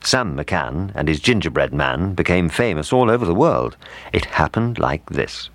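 A man narrating a children's storybook in a calm, lively way. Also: a bass voice, normal speed, no room sound.

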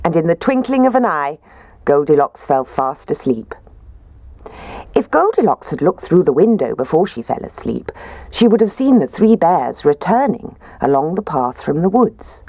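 A woman reads a children's bedtime story in a low voice that rises and falls with lots of expression. The recording is close and dry, with no room sound. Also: moderate pace, no room sound. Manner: gentle, expressive read-aloud.

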